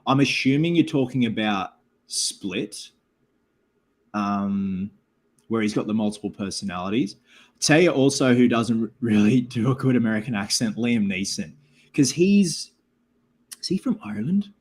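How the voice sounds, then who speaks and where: A man's voice: lowish voice, expressive, unhurried. An Australian man hosting a live stream, chatting loosely with viewers and reading out their comments, full of "like" and "man". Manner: filler-heavy, keeps saying like and man. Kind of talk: casual live stream chat.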